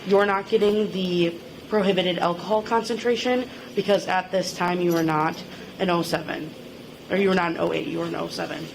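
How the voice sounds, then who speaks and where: A female police officer calmly explaining procedures and charges. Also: lowish voice, brisk, gravelly, background noise. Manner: calm, procedural.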